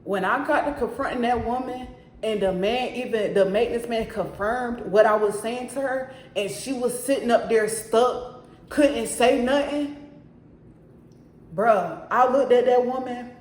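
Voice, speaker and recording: A woman's voice: a little high, moderate pace. A woman telling a story from her own apartment in a casual storytime, talking emphatically and calling out to her viewers again and again. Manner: emphatic, keeps addressing viewers directly. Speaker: storyteller vlogger. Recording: echoey room.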